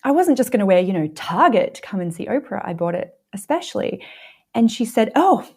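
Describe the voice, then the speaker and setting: A woman's voice: medium pitch, a little fast, breathy edge. A woman in her thirties with an Australian accent, a podcast guest telling a story and acting out the people she quotes. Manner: animated, acts out quotes. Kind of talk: casual storytelling.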